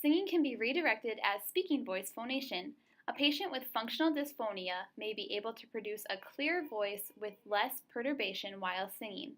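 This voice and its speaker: A young woman narrating voice therapy steps and then coaching a client through them, slow and encouraging as she models each sound. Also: on the high side, animated, fairly bright tone. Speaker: student clinician demonstrating therapy. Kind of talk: scripted lesson narration and role-played therapy session. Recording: echoey room with faint ambient noise.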